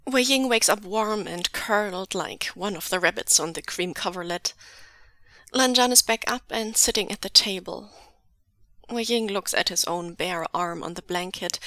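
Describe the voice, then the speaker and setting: Here is a woman reading a story aloud in a slow, measured way, her voice soft and often near a whisper. Her tone is bright and close-miked. The sound is dry with no room echo. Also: medium pitch. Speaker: podfic reader. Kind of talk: reading fan fiction aloud.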